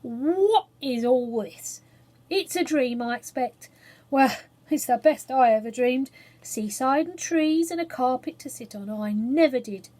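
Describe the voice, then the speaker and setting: A woman voicing a bossy, grumpy cook, loud and curt. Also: high voice, expressive, a little slow. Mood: dreamy wonder.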